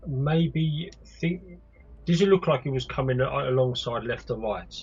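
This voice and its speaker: Very raspy player on a lo-fi mic. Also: male voice, medium pitch, unhurried, a little mellow. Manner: asks rules questions. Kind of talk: casual game chat.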